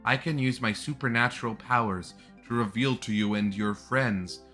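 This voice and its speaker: A man doing a gentle old ghost ape woman. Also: mid-range voice, normal speed, faint music behind, close to an everyday voice. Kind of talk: reading game dialogue aloud.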